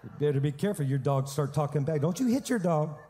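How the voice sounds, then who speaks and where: Animated high-voiced male preacher. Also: fast talker, long reverb tail. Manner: animated storytelling with humor. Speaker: pastor. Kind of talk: sermon.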